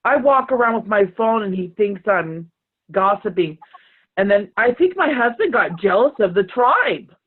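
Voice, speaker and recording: Woman, earnest, halting, tearful, tinny phone-like video call audio. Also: medium pitch, lively intonation, slightly rough. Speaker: group participant. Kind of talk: emotional personal sharing.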